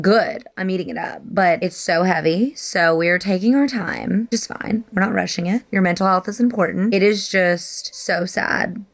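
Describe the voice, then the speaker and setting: A woman's voice: fairly low pitch, a bit bright. A young woman talking casually in her reading vlog, gushing and emotional about a book, with many "like"s. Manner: gushing and emotional, says "like" often. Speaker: book vlogger.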